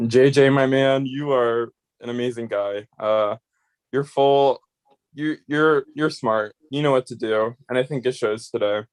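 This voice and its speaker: A man's voice: medium pitch, unhurried, smooth. A man giving a rambling, heartfelt farewell speech on voice chat as an eliminated player. He swears freely and grows emotional.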